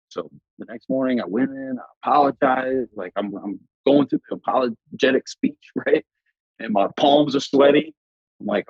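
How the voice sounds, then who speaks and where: A man's voice: mid-range voice, normal speed, vocal fry, slightly rough, dry recording, narrow, tinny audio. A man as a podcast guest, telling a personal story with intensity and acting out his own past words. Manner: intense, animated retelling that voices his past self in quotes.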